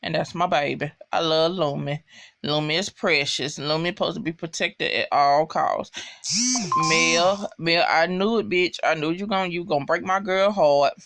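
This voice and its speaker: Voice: mid-range voice, normal speed, vocal fry, fairly bright tone. A young adult recapping a TV episode in a casual, profane, emphatic way, talking straight to viewers.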